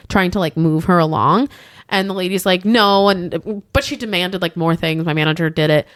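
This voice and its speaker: A woman's voice: lowish voice, moderate pace, no room sound, studio quality. A woman co-hosting a podcast, casually telling a work story from her hotel job and acting out the people in it. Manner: animated retelling, acting out quoted guests and staff. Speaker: podcast co-host; hotel front desk supervisor.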